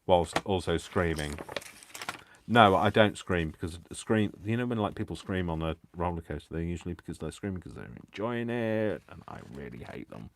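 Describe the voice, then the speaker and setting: A man with a very low voice chats casually while he cuts and crafts on a live stream. He rambles and pokes fun at himself, and there is a faint hiss behind him. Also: moderate pace. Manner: rambling, self-deprecating. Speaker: crafting livestream host.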